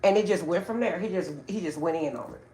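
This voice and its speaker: Husky older woman chatting on a livestream. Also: fairly low pitch. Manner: chatty, animated storytelling, drawn-out asides. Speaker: livestream host. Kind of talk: casual livestream chat. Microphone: phone.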